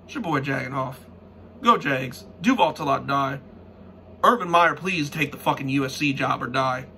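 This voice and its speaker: A man's voice: medium pitch, moderate pace, bright, forceful tone, slight background noise. A young man in a profane, frustrated sports-fan rant who swears constantly and restarts his sentences.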